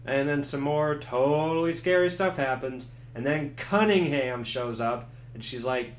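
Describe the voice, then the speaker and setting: A young man giving a sarcastic, swearing comedic review of a video game and acting out the characters in quick voices. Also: medium pitch. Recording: echoey room.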